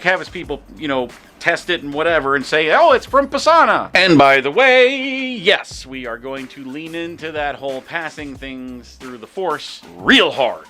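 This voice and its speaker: Sarcastic young guy ranting about a movie, kinda high voice, mocking, very animated. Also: a little hiss or hum. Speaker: movie review host. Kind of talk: sarcastic film critique monologue.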